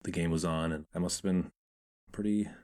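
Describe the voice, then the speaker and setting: A deep-voiced man hosting a radio show. He reads the intro in a measured, announcing way, then talks easily with his guest. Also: steady tone, a little mellow. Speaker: radio host. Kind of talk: radio host intro and chat.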